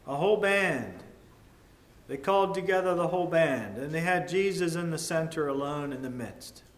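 A man preaching a sermon in a measured, earnest way, swinging between loud emphasis and hushed tones. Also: on the high side. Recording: echoey room with faint ambient noise.

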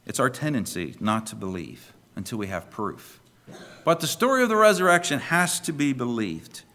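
A man's voice: medium pitch, sing-song, normal speed, sharp tone. A male pastor preaching a sermon emphatically and putting questions to the congregation.

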